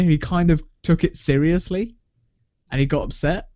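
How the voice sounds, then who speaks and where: A man's voice: fairly high pitch, normal speed, darkish tone, no echo. A young man, co-hosting a podcast in casual chat, crude and boastful, often laughing. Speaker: podcast co-host. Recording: dull lo-fi sound, dry.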